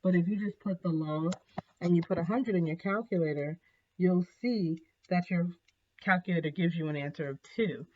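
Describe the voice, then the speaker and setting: A woman's voice: fairly low pitch, normal speed. Casual woman teaching math, lo-fi audio. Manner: casual, many ums, apologizes for slips. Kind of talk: recorded classroom lesson. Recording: dull, slightly lo-fi.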